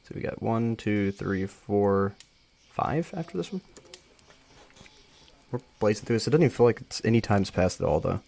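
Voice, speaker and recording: A man's voice: lowish voice, animated, normal speed, gravelly, pauses often, a little mellow. A young man with a dry throat reading a story aloud on a live stream, chatty and joking between passages. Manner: casual, joking, chatty asides.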